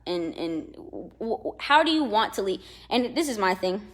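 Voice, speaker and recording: A young woman hosting a casual motivational talk, chatty and animated, acting out quoted voices and laughing often. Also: medium pitch, normal speed. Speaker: motivational session host.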